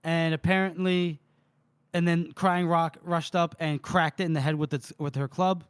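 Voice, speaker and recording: A man co-hosting a book podcast, retelling scenes and quoting lines with frequent laughter. His voice sits a little high and sounds dry and close to the mic. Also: fairly even intonation, normal speed, smooth, no room sound. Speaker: podcast co-host recapping chapters. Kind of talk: casual book recap chat.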